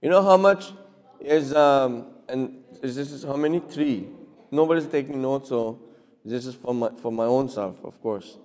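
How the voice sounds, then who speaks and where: A man's voice: mid-range voice, normal speed, darkish tone. A man teaching a class, asking the listeners questions and acting out short examples. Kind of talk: classroom lecture. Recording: long hall reverb.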